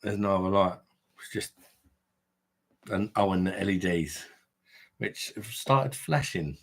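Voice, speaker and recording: A man with a very low voice hosts a relaxed beer livestream from a room at home. He banters loosely and reads out comments from his viewers. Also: unhurried, gravelly. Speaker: beer review livestream host. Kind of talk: casual livestream chat.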